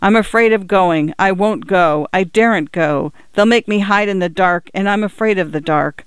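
A man reading aloud and voicing a timid, frightened small boy who speaks in a slow, pleading way. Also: high-pitched, clear, resonant tone, dry recording, lightly acted.

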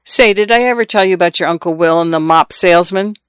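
A jovial older man who loves telling a good story and ribbing his company, as a male narrator plays him. His voice is smooth and a little higher than most men. The recording is close and dry. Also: quick pace, fairly bright tone, dry recording. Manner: hearty, joking storyteller. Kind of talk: audiobook character reading.

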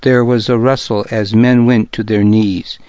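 A man reading a story aloud in the first person, steady and measured. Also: on the low side, no room sound. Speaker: audiobook narrator. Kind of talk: scripted first-person narration. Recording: dull, muffled close recording.

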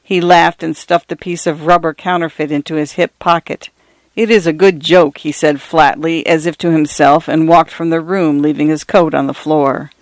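A man reading a literary short story aloud, measured and expressive. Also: fairly high pitch, no echo. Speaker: reader.

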